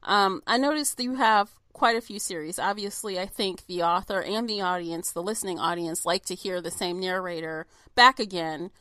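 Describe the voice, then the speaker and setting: A woman's voice: fairly low pitch, normal speed, few pauses, bright, forceful tone, no echo. A woman podcast host asking friendly, enthusiastic interview questions. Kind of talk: interview chat.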